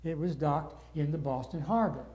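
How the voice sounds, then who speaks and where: Older male Bible study teacher, mellow and slightly high voice, earnest, gets wound up. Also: normal speed. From northern United States.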